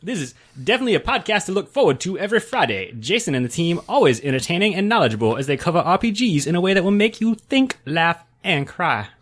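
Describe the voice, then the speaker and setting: A man's voice: medium pitch, big pitch swings, slow, hardly any pauses, a bit bright, heavily acted. A man putting on a Cajun accent. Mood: hammy.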